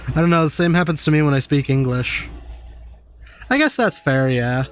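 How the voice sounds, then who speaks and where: Young male streamer with a slightly high voice and loose, sweary commentary over faint game music. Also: lively intonation, normal speed, clean tone. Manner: chatty, swears a lot, chats with viewers. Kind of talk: casual gameplay commentary.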